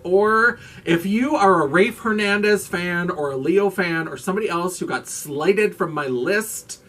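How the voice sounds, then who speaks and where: A man's voice: on the high side, fairly bright tone, recorded from a distance. A man hosting his own vlog in casual chat, gushing and campy, swearing freely as he raves. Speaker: vlogger host.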